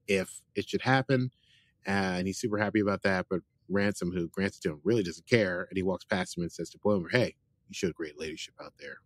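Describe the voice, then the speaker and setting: Low-voiced man casually recapping an episode. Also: dry recording. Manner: rambling, chatty retelling with frequent fillers. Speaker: podcast host.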